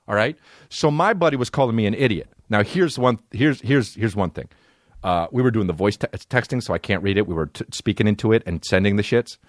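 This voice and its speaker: A man's voice: medium pitch, dry recording, studio quality. A man in his forties hosting a podcast, telling profane comic stories and slipping into put-on voices. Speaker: podcast host. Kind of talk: comedic monologue.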